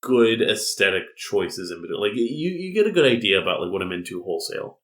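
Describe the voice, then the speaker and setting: A man co-hosting a games podcast, talking in a relaxed, hedging way. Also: deep voice, fast talker. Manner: relaxed, hedging with likes and ums. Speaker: podcast co-host. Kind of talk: casual chat.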